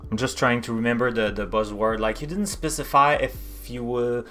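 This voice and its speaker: A man's voice: mid-range voice, normal speed, bright, forceful tone, faint music behind. A man co-hosting a casual coding chat, hesitant and searching for words as he asks questions over a video call.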